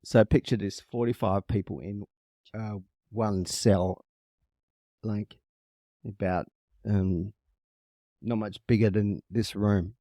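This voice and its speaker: A man's voice: on the low side, fairly even intonation, slow, long pauses, dark tone, dry recording, clean studio sound. A man co-hosting a casual podcast, telling a story in a blunt, profane, teasing way.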